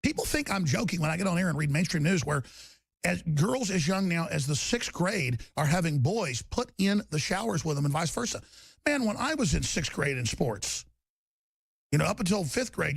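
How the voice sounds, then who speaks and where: A middle-aged male talk radio host in a furious, shouting on-air tirade. His voice sits high for a man and comes out gravelly with a rough, raspy edge. He talks in an agitated, fired-up way. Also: sing-song, fairly quick, no echo. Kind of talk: angry on-air rant.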